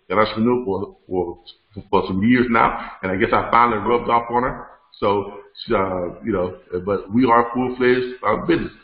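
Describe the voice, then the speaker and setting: A middle-aged man, hosting a live webinar Q&A in a conversational way, repeating words and laughing often. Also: lowish voice. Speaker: host. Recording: roomy, dull lo-fi sound.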